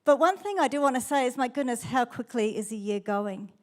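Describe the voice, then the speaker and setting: A woman's voice: a little high, animated, fairly quick, darkish tone. A middle-aged woman pastor with a New Zealand accent, preaching a sermon in a chatty, storytelling way.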